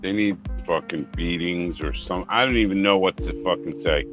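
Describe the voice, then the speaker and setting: Deep voiced podcast dude, cusses nonstop, kinda muffled lo-fi audio. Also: male voice, normal speed, soft background music. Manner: crude, heavy swearing, outbursts. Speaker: podcast host. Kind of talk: casual chat. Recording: dull lo-fi sound.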